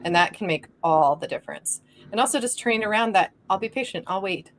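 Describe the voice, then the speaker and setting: A woman's voice: mid-range voice, expressive, fast, a little hiss or hum. A woman hosting a podcast, talking in an earnest, affirming way in casual conversation. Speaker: podcast host.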